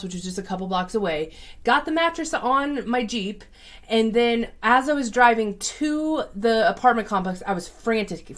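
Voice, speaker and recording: A woman who reads tarot as a psychic, telling a personal story in a casual, chatty way with many fillers. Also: mid-range voice.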